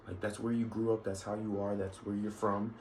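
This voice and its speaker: The vlogger here speaks briskly in a fairly low, level, slightly mellow voice as he vents his opinions. His talk is rambling and full of restarts and side comments, and the poor audio carries some faint background noise.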